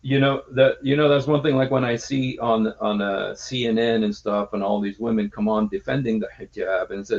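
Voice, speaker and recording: A man chats casually on a livestream, stopping and restarting often. His voice has a gravelly texture, and the stream audio is muffled and low-fidelity. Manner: halting, many fillers and restarts. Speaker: livestream host.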